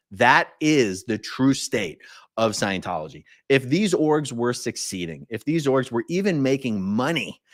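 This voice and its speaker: An American man filling in as host of a casual livestream reads viewer comments aloud in an easygoing, conversational way, using many fillers. His voice is medium-pitched, with no echo and studio-quality sound.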